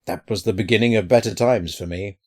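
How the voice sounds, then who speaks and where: A man's voice: on the low side, a little fast, darkish tone, natural voice. A man voicing a terrified, furtive man hiding from an enemy, whimpering and sly by turns. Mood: confessing. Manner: whimpering, then sly and cunning.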